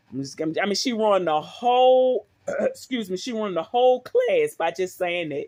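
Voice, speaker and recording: A woman's voice: mid-range voice, lively intonation, moderate pace, dark tone. A middle-aged woman talks straight to her viewers in a loose, rambling way. She is recorded on a phone at home and keeps turning to them with questions. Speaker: vlogger. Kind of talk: casual talk to viewers.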